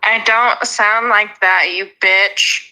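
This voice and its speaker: A man voicing a sarcastic teenage girl in a high, mocking voice. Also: fairly even intonation, slow pace, background noise.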